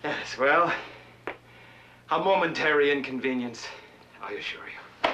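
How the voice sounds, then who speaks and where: An actor plays a scheming, theatrical middle-aged businessman in a TV drama, pleading in a florid, melodramatic way. His natural voice is a little high and measured in pace, with background noise and music behind him.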